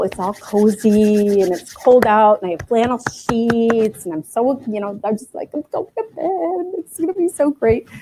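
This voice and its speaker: A woman giving a spiritual talk to a group, telling a personal story in a chatty, animated way with many fillers. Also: mid-range voice. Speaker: guest speaker. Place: spiritual center gathering.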